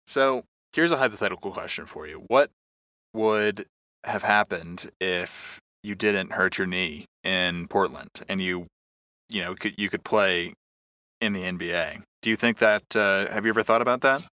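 A man hosting a podcast who asks his guest questions in a measured way with some fillers. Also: sits low, sharp tone, no echo. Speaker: podcast host. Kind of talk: interview questions.

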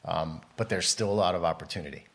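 Deep-voiced man chatting in an interview. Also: fast talker, a bit bright. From United States. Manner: rambling, self-interrupting storyteller. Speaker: podcast guest, model and photographer. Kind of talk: casual interview chat.

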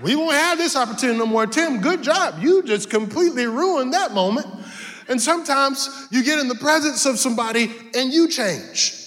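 A pastor preaching a sermon with animated storytelling, swinging from low asides to sung shouts. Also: male voice. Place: large arena church. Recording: long reverb of a large arena.

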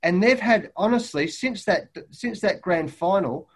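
A middle-aged Australian man, a head coach and guest, telling lively stories and acting out what people said. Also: high-pitched, measured pace. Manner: lively anecdotes, acting out quotes loudly. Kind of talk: animated storytelling in a podcast interview. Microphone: remote call.

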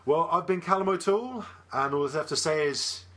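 A man co-hosting a casual movie podcast, chatty and quick to laugh, with jokey asides. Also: a little high, a bit bright. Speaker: podcast co-host.

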